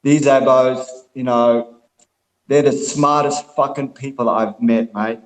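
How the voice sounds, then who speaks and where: A man's voice: mid-range voice, fairly even intonation, takes it slowly, reverberant, rough recording. A man, rambling in a casual group call, laid back, swearing freely and calling everyone mate and brother.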